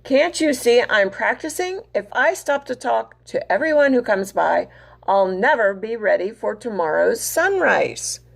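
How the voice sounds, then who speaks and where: A self-absorbed storybook rooster who can't be bothered, a woman reading him slow and unhurried with a gravelly catch. The voice swoops up and down. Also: fairly high pitch, big pitch swings, exaggerated voice. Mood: dismissive. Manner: brushing off, impatient. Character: busy male rooster, dismissive and self-absorbed.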